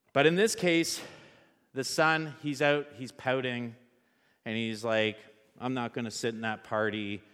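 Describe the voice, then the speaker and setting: A man's voice: mid-range voice, fairly bright tone, long reverb tail. A man preaching a sermon in a church, talking conversationally and asking the audience rhetorical questions.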